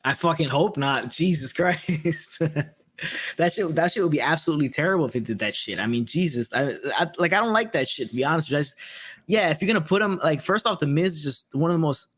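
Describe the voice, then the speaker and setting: A man's voice: a little high, animated, fast, fairly bright tone. A man with a slightly raised voice chats loosely about wrestling, cursing freely and shrugging things off. He sounds laid-back and blunt, like he's hanging out with a friend. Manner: profane, blunt and laid-back, reads viewer comments. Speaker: wrestling show host. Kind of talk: casual podcast chat.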